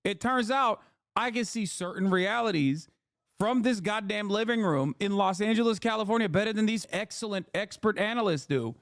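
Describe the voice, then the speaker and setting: A man streaming from his living room, giving political commentary in an animated, exasperated rant with blunt slang. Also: high-pitched, normal speed, no room sound, studio quality. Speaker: Twitch streamer.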